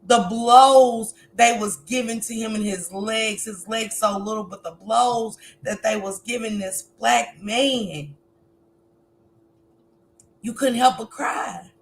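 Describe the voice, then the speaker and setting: A fairly high-pitched woman talks slowly in an even tone, with a little hiss or hum audible. Hosting a livestream, this adult with a grown son speaks directly to viewers, her casual commentary emotional and preaching.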